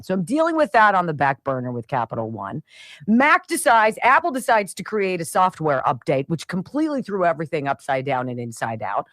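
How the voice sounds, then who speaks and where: Animated, venting talk show woman. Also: lowish voice, a little fast, no echo. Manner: animated, venting, mimics sounds and voices. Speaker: radio talk show host. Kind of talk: opinionated monologue. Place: home studio with camera. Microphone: studio mic.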